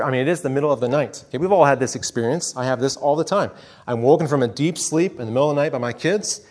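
A man in his thirties preaching a sermon in a conversational way, often asking the listeners questions and repeating words as he goes. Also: mid-range voice. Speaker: pastor.

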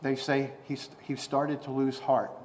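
A man preaching a sermon, reading scripture and explaining it, repeating words and restarting, then rising to loud emphatic bursts on the quoted lines. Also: medium pitch, little pitch movement, a little slow, a little hiss or hum.

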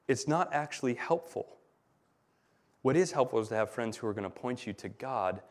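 A man preaching a sermon in a church, explaining scripture earnestly with touches of light humor. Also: medium pitch. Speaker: pastor.

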